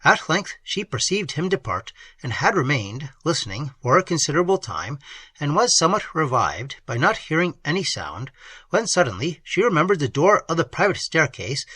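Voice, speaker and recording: Male novel reader, bright husky voice, very lively delivery, dry close sound. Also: on the high side, moderate pace, dry recording. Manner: expressive, dramatic reading. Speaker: audiobook narrator. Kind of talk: gothic novel reading.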